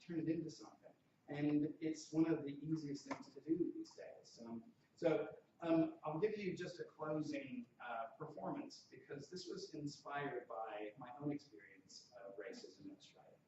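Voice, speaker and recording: A man's voice: a little high, normal speed, a little mellow, a little hiss or hum. A man giving a keynote speech, telling anecdotes and acting out the voices of people in them. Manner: anecdotal, acts out quoted voices. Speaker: keynote speaker and poet. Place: large conference hall. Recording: echoey hall, distant and dull.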